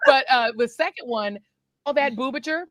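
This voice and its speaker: A woman's voice: high voice, moderate pace, a bit bright. A middle-aged woman hosting a podcast, telling a story casually and animatedly, often laughing and acting out voices. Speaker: podcast host.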